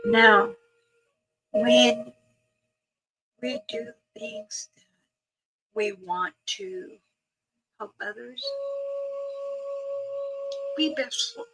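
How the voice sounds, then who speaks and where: An older woman talking casually with viewers on a live stream, in a gentle, wandering way, with soft words that trail off. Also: on the high side, drawn-out words, long pauses, poor audio. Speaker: livestream host answering viewers. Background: music playing in the background.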